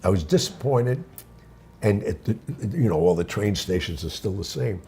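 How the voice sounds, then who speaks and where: Gravelly older New man. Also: lowish voice, moderate pace. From New York. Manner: animated, acts out the voices of people in his stories. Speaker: guest. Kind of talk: casual storytelling.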